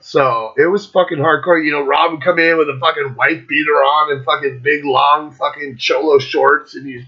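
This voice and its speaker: A man's voice: a little high, fairly even intonation, moderate pace, few pauses, husky. A man hosting his own show, talking in a loose, rambling, casual way with constant swearing and fillers. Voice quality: heavy swearing, loose filler-laden talk. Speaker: host. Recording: lo-fi dull recording.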